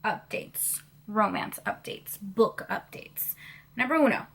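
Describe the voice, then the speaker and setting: A woman's voice: medium pitch, animated, slow, vocal fry, a bit bright. A woman in her twenties chatting in a reading vlog, bubbly and gushing, with lots of fillers. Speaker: book vlogger.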